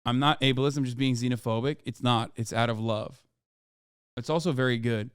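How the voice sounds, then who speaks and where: Streamer man, sweary live reactions, smooth, dry sound. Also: medium pitch, steady tone, fairly quick, dry recording. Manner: profane, incredulous outbursts. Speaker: livestream host.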